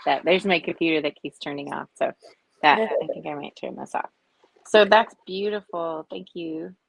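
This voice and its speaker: A woman in her forties on a video call, telling personal stories in an earnest, reflective way with many pauses. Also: deep voice, creaky, no echo, poor audio. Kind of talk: casual heartfelt group chat.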